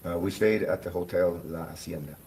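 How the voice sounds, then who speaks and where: A man with a very deep voice interpreting in court, moving quickly and briskly between questions and answers. There is a faint hum of noise behind him. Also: dark tone. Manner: quick and businesslike, with frequent "uh" fillers.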